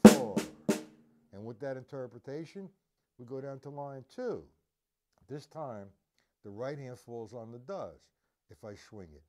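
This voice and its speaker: A man teaching drums on a live stream, talking casually and counting out beats as he demonstrates. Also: mid-range voice. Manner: casual, demonstrative, counts beats aloud and scats drum sounds. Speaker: drum teacher. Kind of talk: live-streamed drum lesson.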